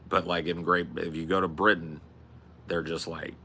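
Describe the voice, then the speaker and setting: A man's voice: low voice, level tone, normal speed, bright, forceful tone, a little hiss or hum. A young man co-hosting a podcast in loose, profane casual chat, saying dude and bro. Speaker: podcast co-host.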